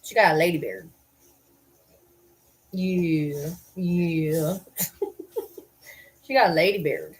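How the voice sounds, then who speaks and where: A woman's voice: low-pitched, animated, takes it slowly, pauses often. Woman cooing baby talk at her dogs. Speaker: livestreamer. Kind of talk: casual livestream chat. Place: at home with dogs on her lap.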